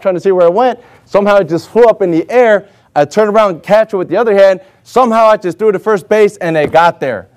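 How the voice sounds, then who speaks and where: A man telling a personal story to an audience in an animated way, acting out what other people said. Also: sits high. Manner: animated, acts out other people's lines in raised voices. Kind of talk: personal anecdote told to an audience.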